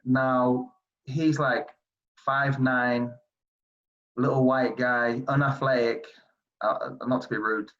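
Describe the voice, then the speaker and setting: A man in his forties from England, telling basketball stories in a casual interview, animated and rambling with many fillers. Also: medium pitch, slow, long pauses. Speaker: streetball player guest. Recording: dull lo-fi audio.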